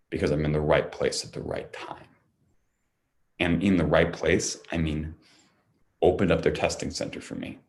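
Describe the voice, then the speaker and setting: A man speaking to an audience in a heartfelt, earnest appeal for a charity, climbing louder and higher as he presses his point. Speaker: performer making a charity appeal.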